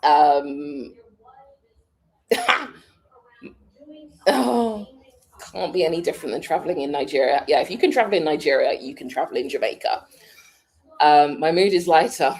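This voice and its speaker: A woman's voice: sits low, lively intonation, a little slow, long pauses. A British woman in casual chat, answering viewers' questions with frequent laughs as she thinks aloud. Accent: British English. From United Kingdom. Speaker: vlogger answering a live chat.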